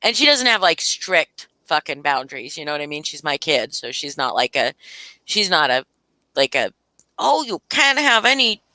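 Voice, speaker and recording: An older woman, a grandmother, hosting a casual live-stream chat, telling animated stories that are peppered with swearing and laughter. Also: deep voice, normal speed, no room sound. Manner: swears freely, laughs often, animated storytelling.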